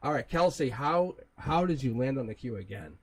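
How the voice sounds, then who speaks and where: A tarot reader hosting a livestream speaks at a moderate pace with a medium-pitched voice and lively intonation. His manner is casual and wandering, with plenty of chuckles and some swearing. Slight background noise comes through on the low-quality recording.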